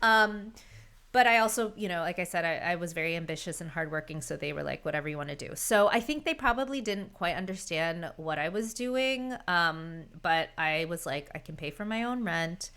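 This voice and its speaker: Bright-voiced woman, emotional podcast guest. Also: fairly low pitch, lively intonation, moderate pace, clear, resonant tone. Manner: emotional, laughing between sentences. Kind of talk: casual conversation.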